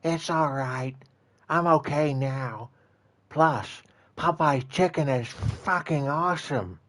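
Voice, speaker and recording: A man's voice: fairly high pitch, slow pace, a bit bright, pitched above the performer's own voice. A man doing a goofy comedic impression of a dopey young guy who talks out of the side of his mouth, in a raised voice. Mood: reassuring. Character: mumbling, dopey young male misfit, sidelong talker.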